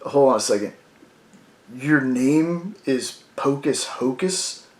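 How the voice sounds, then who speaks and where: A man reading out the lines of a bureaucratic male demon in an offhand, quieter way. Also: medium pitch, lively intonation, slow pace. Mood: wry. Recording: roomy echo.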